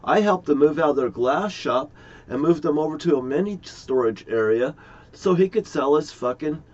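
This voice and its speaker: A middle-aged man talking in a rambling, aggrieved monologue to his viewers, swearing often. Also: a little high. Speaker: vlogger. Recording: dull lo-fi recording.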